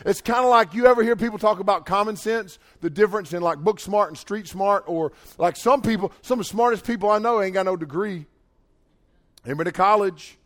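A man's voice: high-pitched, steady tone, fast. A man in his forties preaching to young people in a casual, emphatic way. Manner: casual, emphatic, builds to loud urging. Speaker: pastor.

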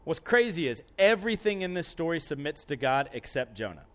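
A man preaching a lively, conversational sermon. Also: a little high, brisk.

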